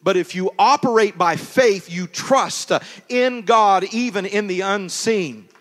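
A male pastor preaching a sermon, moving between loud exhortation and quieter storytelling. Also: high-pitched, unhurried, long reverb tail.

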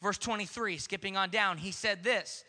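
A man's voice: sits high, normal speed, pushed and bright, big-room sound. A man preaching a sermon in a church sanctuary, emphatic, with call-and-response and repeated words. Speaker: pastor.

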